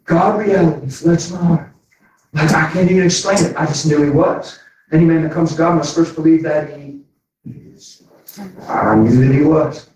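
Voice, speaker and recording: A man preaching in a very echoey space, heard from some distance off the microphone. His voice sits a bit higher than most men's. He tells stories animatedly and acts out dialogue. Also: normal speed, a little mellow. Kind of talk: sermon with storytelling.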